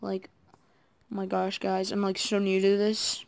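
A woman giving casual, excitable commentary while playing a game, talking to her viewers and admitting she is nervous. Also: mid-range voice, a little slow, gravelly, clean tone, no room sound. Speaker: gaming video creator.

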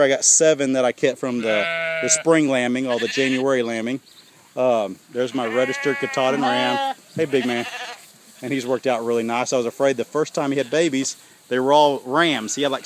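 A man's voice: medium pitch, very noisy. A man gives a rambling, casual walking tour of his homestead, chatting to viewers as he films outdoors on his phone. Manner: rambling, folksy, talks to viewers as y'all. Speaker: homesteader showing his farm. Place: outdoors on a farm in hot weather. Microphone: phone camera held while walking. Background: sheep and goats bleating.

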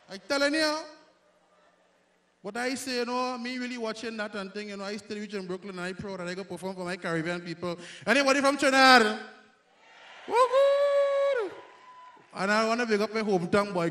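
Grenadian man doing loud stand-up. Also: high voice. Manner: loud, crowd-working, self-mocking. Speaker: stand-up comedian. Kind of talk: stand-up comedy set. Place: live comedy stage before an audience.

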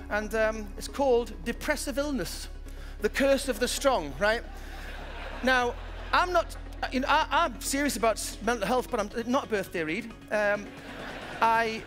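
Man, 50s, motivational keynote speaker: very high, brisk, animated storyteller, faint music underneath. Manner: lively storytelling, acts out the people he quotes. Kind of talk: keynote talk to a live audience.

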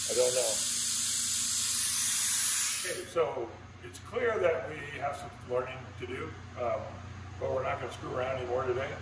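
A man's voice: mid-range voice, moderate pace, creaky, pauses often. A man in a casual workshop vlog, walking through a plasma cutter run and thinking aloud with restarts in a plain, practical way. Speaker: maker demonstrating a CNC plasma cutter. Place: indoor workshop. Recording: roomy echo with steady background noise.

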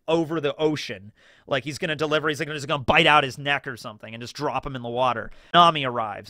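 A man with a fairly high, bright, forceful voice recaps a show in a loose, chatty way, throwing in lots of 'like' and quick asides. The sound is dry and close, with no room around it. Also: no room sound. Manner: chatty, rambling, full of 'like' and quoted bits. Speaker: YouTube host. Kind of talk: casual episode breakdown commentary.

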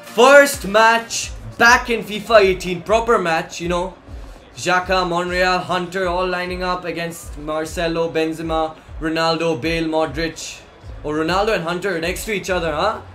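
A young man giving casual, excitable gameplay commentary, often shouting at the game. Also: high voice, unhurried, soft background music. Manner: excitable, yells at the game, says "bro" and "man" a lot. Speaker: gaming YouTuber.

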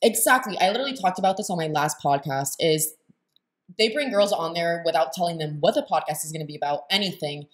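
A woman's voice: on the low side, lively intonation, fast talker. A young woman hosting a reaction video, talking in a blunt, sarcastic and profane way. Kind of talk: casual reaction commentary.

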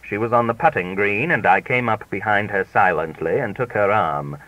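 A man narrating an audiobook with a crisp, dry comic delivery, in a dry, slightly dull recording. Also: on the low side, lively intonation, moderate pace, a bit bright, no room sound, distant mic. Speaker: audiobook reader.

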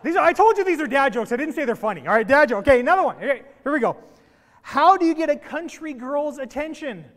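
Male pastor, higher than usual register, playful preacher with jokes, large echoing sanctuary. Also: fast. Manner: playful, animated joke-telling. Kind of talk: sermon with opening jokes. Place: church sanctuary. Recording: long reverb of a church hall.

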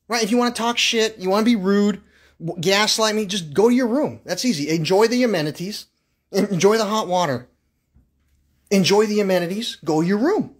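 A man's voice: high-pitched, moderate pace, pauses often. A man on a livestream, ranting in an agitated, profane monologue, firing off repeated questions, stumbling over words and breaking into laughter. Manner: frequent bursts of laughter mid-rant. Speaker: live streamer.

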